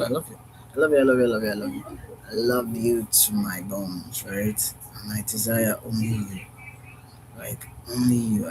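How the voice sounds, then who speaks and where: A man's voice: on the low side, noisy background. A man vlogging outdoors in an earnest, repetitive, musing monologue about love. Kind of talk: unscripted heartfelt monologue.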